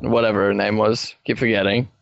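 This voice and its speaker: A man playing in a tabletop game session, talking in a lively, exclaiming way. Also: on the low side, brisk, gravelly, dry recording, dull audio. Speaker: player. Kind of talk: casual tabletop game chat.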